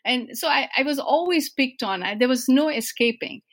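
A woman from India, answering interview questions in a warm, self-deprecating storytelling manner with frequent small hesitations. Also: sits high, animated, normal speed. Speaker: interviewee, organization president.

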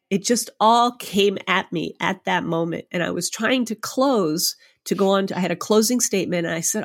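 A woman guest on a podcast interview, telling a story in an animated, emotional way and laughing often. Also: on the low side, normal speed, creaky, few pauses. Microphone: remote podcast microphone.

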